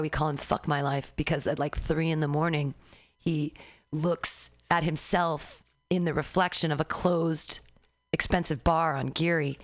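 A woman comedian in casual chat, telling neighborhood stories and acting out loud shouted quotes with laughter. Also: low-pitched, no room sound. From San Francisco area.

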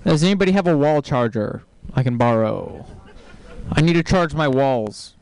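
A man from Texas doing stand-up, delivering deadpan one-liners and breaking into sudden shouts. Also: mid-range voice, moderate pace, vocal fry, clear, resonant tone. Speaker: stand-up comedian. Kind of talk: stand-up comedy set.

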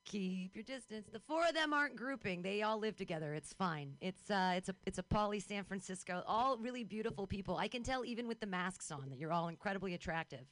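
A woman's voice: medium pitch, quick pace, hardly any pauses, no echo. A woman emceeing a street-corner comedy show, cheering the crowd on between acts.

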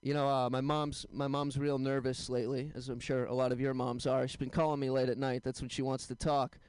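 A young man doing a stand-up set, telling deadpan one-liners with quick asides to the crowd. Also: mid-range voice, clear, resonant tone. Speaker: stand-up comedian. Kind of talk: stand-up set at an open mic.

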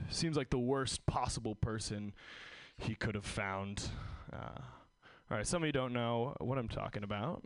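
A man's voice: mid-range voice, a bit bright, no room sound. A man doing awkward, self-deprecating, upbeat stand-up at an open mic on a stage mic. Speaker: stand-up comedian.

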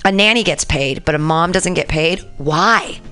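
A woman's voice: low voice, moderate pace, fairly bright tone, faint music behind. A woman hosting a radio show, ranting casually and profanely about politics and talking back to the news. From San Francisco area. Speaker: radio host.

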